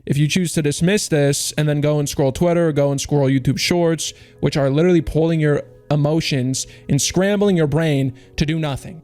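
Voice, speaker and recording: A young man with a slightly high voice pours out a rambling, profane pep talk about belief and willpower. He talks with restless intensity, as if he were preaching. Music plays clearly underneath. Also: a little mellow. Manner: intense, rapid, profane, self-help preaching with mocking put-on quotes. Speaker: streamer opening cases. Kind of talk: rambling motivational monologue.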